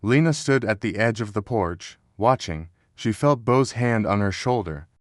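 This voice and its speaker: A man giving a scripted narration of a historical story in a steady, measured way. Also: fairly low pitch, dry recording, studio quality. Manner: steady, measured storytelling with quoted dialogue read in the same voice.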